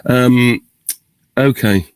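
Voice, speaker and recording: A man's voice: mid-range voice, fairly even intonation, drawn-out words, clear, resonant tone, dry recording. A middle-aged man, answering fan questions in a casual video Q&A and thinking aloud in rambling, self-interrupting, good-humoured talk. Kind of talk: casual virtual Q&A. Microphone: video call.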